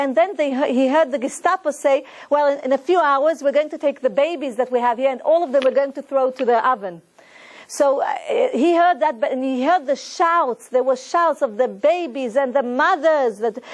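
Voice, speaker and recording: Earnest high-voiced woman teaching. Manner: earnest, preaching, retells stories with quoted voices. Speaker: Torah teacher. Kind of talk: lesson to a women's group.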